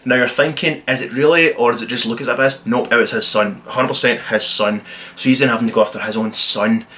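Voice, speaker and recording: A man giving a casual, spoiler-filled film review, rambling and excitedly retelling the plot with plenty of swearing. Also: mid-range voice, a little fast, slight background noise.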